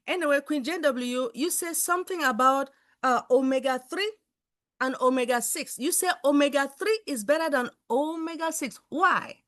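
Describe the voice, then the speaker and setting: A woman talking as a guest on an online talk show, telling animated stories full of asides over a video call. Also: sits high, moderate pace. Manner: animated storytelling with many asides. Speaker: guest speaker. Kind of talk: casual talk-show chat.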